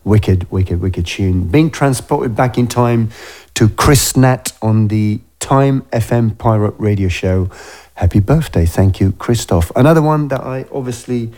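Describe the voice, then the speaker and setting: A man's voice: fairly low pitch, a little slow, warm tone. A man hosting a radio show, chatting casually and rambling with frequent self-corrections. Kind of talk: casual on-air chat.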